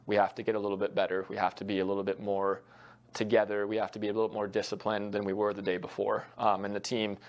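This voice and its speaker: A young male soccer coach answering interview questions in an earnest, reflective way. His voice sits low and stays fairly flat. He leans on frequent fillers as he works through his thoughts. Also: fast talker, dull audio. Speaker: college soccer head coach.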